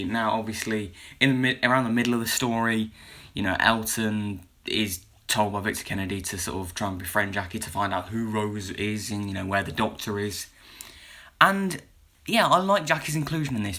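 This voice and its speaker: A man's voice: medium pitch, fairly bright tone. A young man giving a casual, meandering video review, with lots of restarts and "you know" fillers.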